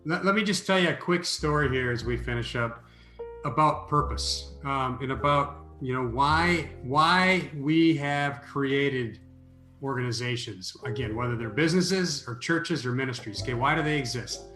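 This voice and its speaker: A man telling a story as an interview guest, animated and prone to restarting his sentences. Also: medium pitch, normal speed, reverberant, faint music behind. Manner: animated storyteller, repeats words when starting.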